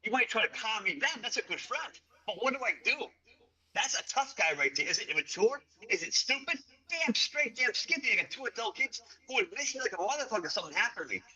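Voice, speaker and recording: A man's voice: extremely high pitch, very animated, quick pace, pushed and bright, breathy edge, low-quality recording. A middle-aged man ranting angrily on a livestream, cursing and confronting someone directly. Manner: angry, profane, confrontational. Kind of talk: heated livestream rant.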